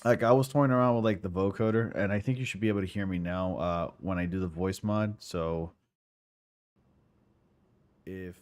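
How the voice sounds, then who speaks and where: A male game streamer talking casually on a livestream, rambling and goofy. His voice sits a little low, and he is quick to apologize. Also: fairly even intonation, darkish tone.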